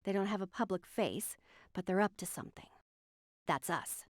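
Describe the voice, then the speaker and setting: An arrogant, sharp-tongued female scientist lectures with condescending sarcasm, voiced by a woman reading a game. Her voice sits mid-pitch and sounds close and dry. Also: expressive, moderate pace, no room sound, lightly acted. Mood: smug.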